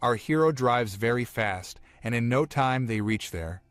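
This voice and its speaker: Man doing comic recap narration, steady plain telling, dry close voice, faint music under. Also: medium pitch, unhurried, no room sound. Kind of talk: scripted story recap narration.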